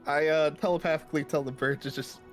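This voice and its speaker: Relaxed man playing a tabletop game. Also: on the high side, quick pace, faint music behind. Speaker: player. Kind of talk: casual tabletop play.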